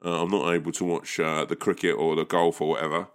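A man's voice: sits low, flat delivery, fast talker, smooth, pitched below the performer's own voice, lightly acted. A man mimicking an annoyed male caller who grumbles an aggrieved complaint over the phone. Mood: grumbling.

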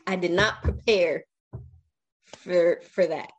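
A woman in her forties, a podcast interview guest, telling her own life story in an animated, emotional way with frequent restarts. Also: mid-range voice, unhurried, dull audio.

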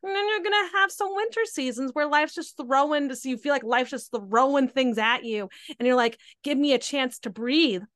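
Young woman podcast host, kinda high voice, says like and right a lot, dry close sound. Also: normal speed, few pauses, a bit bright, dry recording. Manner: chatty, filler-heavy, frequent "like" and "right?". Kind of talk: casual chat.

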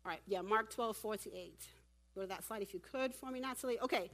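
A woman giving a lively sermon at a church women's event and directing volunteers from the audience. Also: a little high, normal speed, slight background noise. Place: church hall.

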